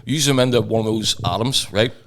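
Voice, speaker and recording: Fast-talking sweary man. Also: on the low side, a bit bright. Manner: sweary, blunt storytelling. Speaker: podcast co-host. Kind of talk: casual banter.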